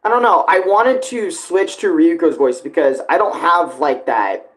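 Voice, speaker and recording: A man's voice: fairly high pitch, a little slow, fairly bright tone. A man chatting loosely about his own song cover, swearing and restarting sentences often. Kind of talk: casual rambling commentary.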